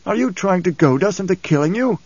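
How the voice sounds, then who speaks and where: A man's voice: high voice, expressive, a little fast, darkish tone, husky, no echo, muffled recording, voice pushed up, exaggerated voice. A man voicing a stern, menacing older noble adviser.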